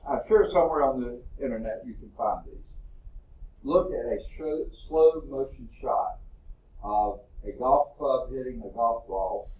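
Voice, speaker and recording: A man's voice: medium pitch, a little mellow. Man lecturing, echoey classroom, a bit far from the mic, keeps asking "okay?". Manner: explains step by step, checks in with "okay?". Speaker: college science instructor. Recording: roomy echo, voice from a distance.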